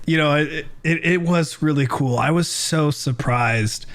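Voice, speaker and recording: A man's voice: on the high side, measured pace. A man co-hosting a podcast, chatting casually and animatedly and quoting characters. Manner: animated, laughs, quotes characters. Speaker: podcast co-host. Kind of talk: casual chat.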